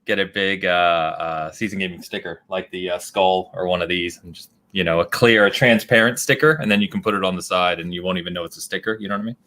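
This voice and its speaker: A man's voice: deep voice, fast talker, hardly any pauses, sharp tone. A man co-hosting a podcast, talking casually and animatedly, laughing often and thinking aloud with fillers. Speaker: podcast co-host.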